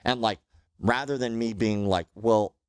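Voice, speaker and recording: A man who is a guest on a podcast, telling stories in an animated way and acting out the quotes. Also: fairly low pitch, brisk, no room sound, clean studio sound. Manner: animated storyteller, acts out quotes. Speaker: podcast guest, martial arts instructor. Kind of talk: casual podcast chat.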